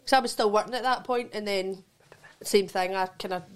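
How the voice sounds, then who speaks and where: A woman's voice: mid-range voice, fairly quick. A Scottish woman chatting playfully as a guest on a casual podcast, laughing often. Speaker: guest comedy actress.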